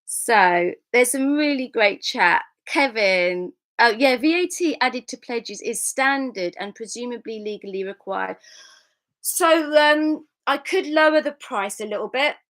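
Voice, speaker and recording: Bright-voiced chatty woman. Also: a little high, lively intonation, unhurried. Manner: chatty, candid, laughs often, swears casually. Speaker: actress hosting a live fan Q&A. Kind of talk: casual chat reading viewer comments.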